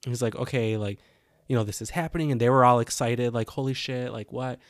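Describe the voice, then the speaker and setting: A young man on a podcast tells a fast, animated story in a mid-range voice, performing the quotes as he goes in this casual chat as co-host. Clean studio sound, no room sound.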